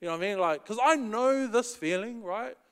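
A man's voice: high-pitched, expressive, a little fast, fairly bright tone, smooth, big-room sound. A man preaching in a casual, slangy storytelling way. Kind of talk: storytelling sermon.

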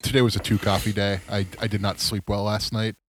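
A man's voice: lowish voice, flat delivery, brisk, very noisy. A tired man co-hosting a podcast, chatting casually about baseball and swearing freely. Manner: laid-back, swears casually. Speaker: podcast co-host. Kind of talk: casual sports chat.

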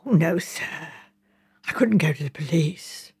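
A woman voicing an anxious, respectful working-class village housekeeper who keeps deferring to the gentleman she speaks to. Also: medium pitch, sing-song, moderate pace. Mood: shocked. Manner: earnest, respectful, keeps saying sir.

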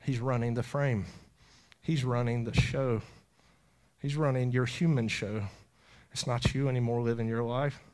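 A middle-aged man preaching an impassioned sermon, intense and emotional, sometimes dropping to a whisper and then surging louder. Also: mid-range voice, fairly even intonation, unhurried, pauses often.

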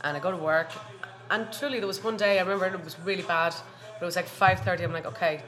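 A woman with an Irish accent chatting as a guest, effusive and quick to laugh. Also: on the low side. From Ireland. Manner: warm, effusive, laughs often. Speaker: guest, hospitality worker. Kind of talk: casual chat. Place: bar.

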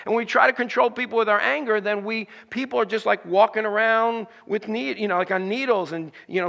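A man's voice: sits high, vocal fry, pushed and bright, in a large hall. A man preaching a sermon, reading scripture and acting out its lines with rising emphasis. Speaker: pastor.

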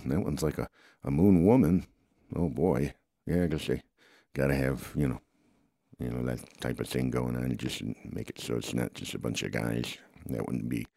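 Very deep-voiced man, rambling playful storyteller. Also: creaky, warm tone, dry recording, clean studio sound. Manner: rambling, full of "oh boy" and groans. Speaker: storyteller voicing toy characters.

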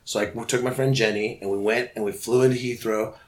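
A low-pitched man spins rambling stories in a relaxed interview. He gets excited and slips into other people's voices to act out what they said. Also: fast. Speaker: guest musician. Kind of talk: casual storytelling interview.

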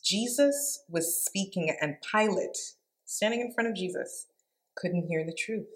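A woman's voice: mid-range voice, measured pace. A woman giving an informal devotional Bible teaching, reading scripture aloud and reflecting on it in an earnest, conversational way.

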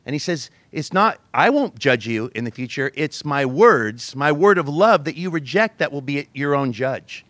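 A man's voice: fairly high pitch, animated, normal speed, hardly any pauses, a bit bright, no echo. A pastor in his forties preaching a sermon, telling a family story with self-mocking laughs and acting out the voices he quotes.

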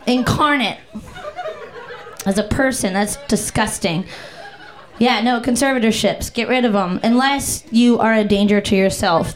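A woman doing profane, playful crowd-work stand-up on a comedy club stage with a handheld mic. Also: medium pitch. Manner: brash, profane, playful, bursts into song.

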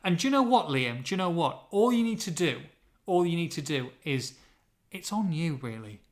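A man's voice: a little high, lively intonation, normal speed. A man hosting a casual football podcast, chatty and teasing. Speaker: podcast host.

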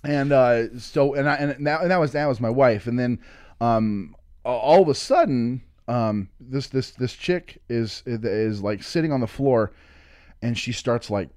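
Animated storytelling comic, dry studio sound. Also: male voice, medium pitch, measured pace, dry recording. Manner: animated, swearing, acting out quotes. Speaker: comedian guest. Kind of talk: casual storytelling.

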